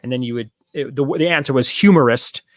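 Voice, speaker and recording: A man's voice: mid-range voice, a little fast, no room sound, studio quality. A man hosting a casual online trivia night, chatting in long rambling asides and repeating each question. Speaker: trivia host.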